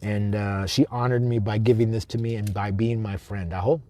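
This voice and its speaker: On a self-filmed livestream, a shamanic drum healer speaks with emotion and tears, slowly and repetitively, weaving in chanted invocations. His voice is lowish and a little mellow with fairly even intonation, and there's slight background noise.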